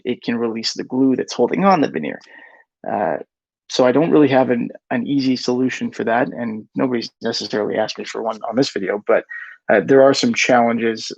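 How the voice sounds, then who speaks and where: A man's voice: medium pitch, darkish tone, no echo, highs cut off. A man hosting a casual live Q&A, reading viewer questions aloud and often correcting himself as he answers. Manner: reads chat questions aloud, self-corrects with "rather".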